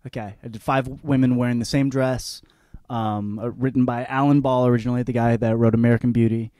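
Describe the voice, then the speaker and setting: A young man rambles through a comic monologue, cocky and swearing freely, stumbling over restarts. His voice sits at a middle pitch and is recorded close and dry, with no room sound. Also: steady tone, a little fast, dark tone, no echo. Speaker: podcast host.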